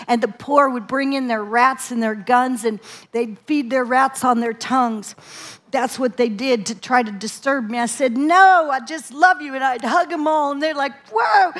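Animated woman preacher telling her testimony. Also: on the high side. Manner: animated storytelling, laughs often. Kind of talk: testimony sermon.

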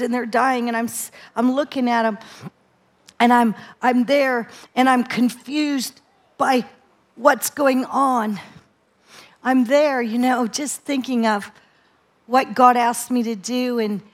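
A woman preacher telling her testimony in a sermon, animated and laughing often as she tells it. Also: fairly high pitch.

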